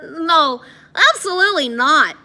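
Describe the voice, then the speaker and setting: A woman voicing an anxious, excitable boy who is always hungry, his lines high and loud. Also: a little slow, heavily acted. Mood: pleading. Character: breathless excitable boy, timid and food-obsessed.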